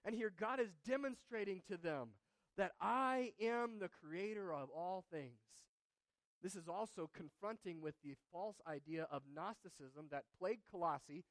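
High-voiced man preaching, loud then hushed. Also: moderate pace, no room sound. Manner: swings between loud emphatic proclaiming and soft hushed asides. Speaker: pastor. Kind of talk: sermon.

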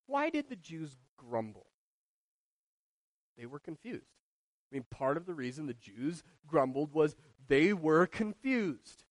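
Male pastor, high voice, lively preaching, rises and drops in volume, rhetorical questions. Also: a little slow, dry recording. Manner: animated preaching, shifting between loud and hushed. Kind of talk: sermon.

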